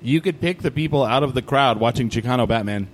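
A man's voice: medium pitch, fast, slight background noise. A man co-hosting a casual chat, telling stories and acting out what people said, recorded in a distillery. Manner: animated storyteller, acts out quotes. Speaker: podcast co-host.

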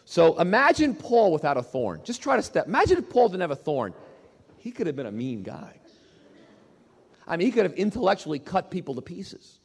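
Animated male preacher in a reverberant hall. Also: high-pitched, a little fast, vocal fry, husky. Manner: emphatic, repeats key phrases, asks the audience questions. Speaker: pastor. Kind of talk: sermon.

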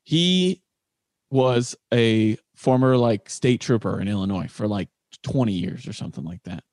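A man's voice: fairly low pitch, a little slow, darkish tone, dry recording. A man co-hosting a podcast, telling a rambling story full of asides over a video call. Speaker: podcast co-host. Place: home room on a video call. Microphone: video call microphone.

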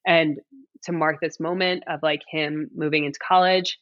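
A woman's voice: deep voice, steady tone, normal speed, a bit bright, no room sound, muffled recording. A woman in her thirties, a mother and coach, talking earnestly as a podcast guest, with many "like"s and "right?"s. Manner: earnest, heartfelt, frequent "like" and "right?". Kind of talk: reflective interview conversation.

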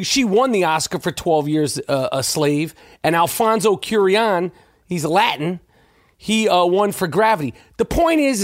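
Podcast host, male, high voice, dry close sound, rants with profanity and tripping restarts. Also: no room sound. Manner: rambling, profane, frequent stammered restarts. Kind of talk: casual opinion monologue.

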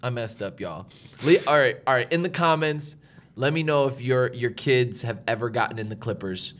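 A man's voice: mid-range voice, normal speed. A young man co-hosting a podcast, telling a family story in casual chat, laughing often and acting out other people's lines. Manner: animated storyteller, laughs often, acts out his wife's lines. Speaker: podcast co-host.

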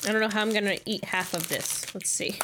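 A woman's voice: medium pitch, steady tone, brisk, noisy background. A woman co-hosting a casual snack-tasting chat, easygoing and chiming in with comparisons and asides. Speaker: podcast co-host.

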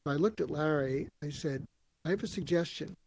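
Guy telling stories on a podcast, kinda high voice, dry mic, does little voices for quotes. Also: fairly quick, husky, dry recording. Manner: animated storyteller acting out quotes. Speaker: guest, author and speaker. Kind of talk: storytelling interview answers.

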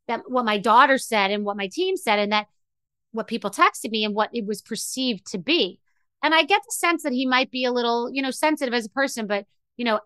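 A woman's voice: on the high side, bright, forceful tone, clean tone, dry recording. A middle-aged woman hosting a podcast, telling a personal story in an emotional, rambling way with many restarts. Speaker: podcast host. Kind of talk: candid monologue.

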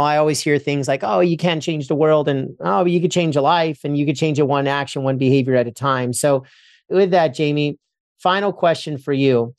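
A man's voice: a little high, a little mellow, smooth, no echo, clean studio sound. A man hosting a podcast interview, enthusiastic and wordy as he builds up his points. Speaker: podcast host.

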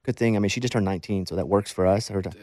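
Fast-talking joking male host. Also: lowish voice, warm tone, no room sound, clean studio sound. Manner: quick, joking, chiming in. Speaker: podcast host. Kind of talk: casual chat.

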